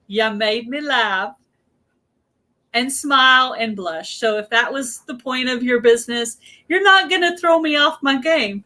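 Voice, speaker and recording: A Southern American woman hosts a casual livestream chat in a high, bright voice. She talks in a flustered way, laughing and exclaiming often. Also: unhurried. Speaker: livestream host.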